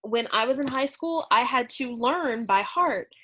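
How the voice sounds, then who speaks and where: A woman's voice: on the high side, animated, unhurried, a bit bright. A woman teaching a middle school English lesson in a chatty, conversational way, explaining with fillers and asides. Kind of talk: recorded remote lesson.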